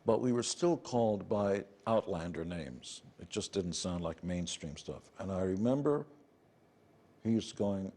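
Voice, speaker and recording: Man, middle-aged, New York accent, low voice, husky, blunt interview storytelling. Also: lively intonation, measured pace, dark tone. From United States. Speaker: interview guest, rock musician. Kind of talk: candid conversational storytelling.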